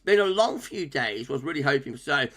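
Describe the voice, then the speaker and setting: A man's voice: on the high side, sing-song, fairly quick, a bit bright. A man hosting a weather livestream, chatting casually with viewers, often laughing and using lots of fillers. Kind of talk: casual livestream chat reading out viewer comments.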